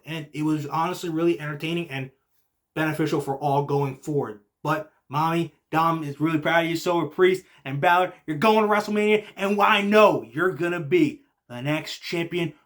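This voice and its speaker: A young man hosting a casual podcast recap, excitable and full of "like" and "literally", swinging from low muttering to shouting. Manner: heavy use of filler like "like" and "literally". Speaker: podcast host.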